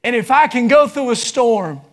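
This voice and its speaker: A man preaching a sermon, building into fervent shouts. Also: very high-pitched, lively intonation, moderate pace. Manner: impassioned, rising into shouts.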